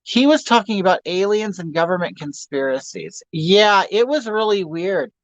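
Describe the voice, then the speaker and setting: A man's voice: sits high, expressive, moderate pace, dry recording, muffled recording. A man in his fifties hosting a livestream in a campy, gossipy way, greeting viewers and telling crude jokes. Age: 50s. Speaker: livestream host. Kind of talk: casual livestream chat reading viewer comments.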